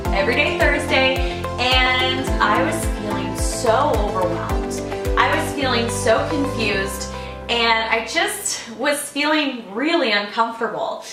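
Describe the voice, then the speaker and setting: A woman's voice: sits high, reverberant. A woman talking casually and upbeat to viewers in her video blog as a purpose coach. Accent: playful put-on accent early on. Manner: chatty and upbeat, addressing viewers as friends.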